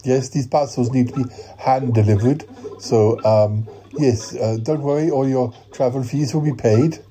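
Man, podcast host, comic sketch, mellow dark tone, hesitant with ums. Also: mid-range voice, steady tone, unhurried, faint music behind. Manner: hesitant, many ums and uhs.

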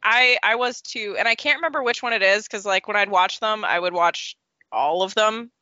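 A woman's voice: medium pitch, normal speed, bright, forceful tone, dry recording. A young woman, a guest on a podcast, chatting and telling stories with self-deprecating humor. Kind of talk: casual podcast chat. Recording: slightly dull lo-fi audio.

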